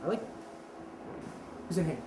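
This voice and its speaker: A woman teaching a martial arts seminar, talking casually, quizzing the class and correcting herself. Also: moderate pace. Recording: roomy echo with steady background noise.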